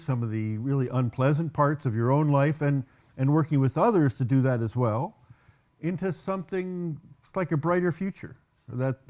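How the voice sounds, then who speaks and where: A man hosting a community television interview, measured, summing up his guest's points. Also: mid-range voice, darkish tone. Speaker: host.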